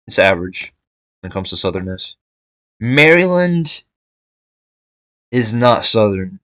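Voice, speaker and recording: A man's voice: fairly low pitch, fairly bright tone, no echo, poor audio. A young man giving casual tier-list commentary, thinking aloud with fillers and restarts. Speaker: video creator ranking states.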